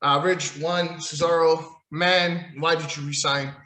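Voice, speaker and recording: A man's voice: a little high, flat delivery, a little slow, sharp tone. A man hosting a solo podcast, recapping in a rambling, profane, sarcastic way. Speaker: podcast host. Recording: echoey room.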